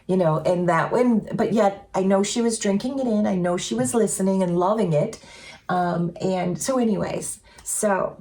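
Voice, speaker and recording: Earnest woman with a gravelly voice. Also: lowish voice. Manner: earnest, chatty, with many fillers and softly voiced quotes. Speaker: co-host sharing spiritual experiences. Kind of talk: casual storytelling chat.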